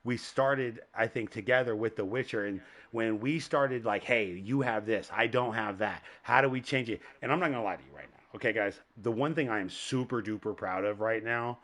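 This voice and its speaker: A man hosting a podcast in casual chat, rambling and animated, laughing often. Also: lowish voice, moderate pace, hardly any pauses. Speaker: podcast host.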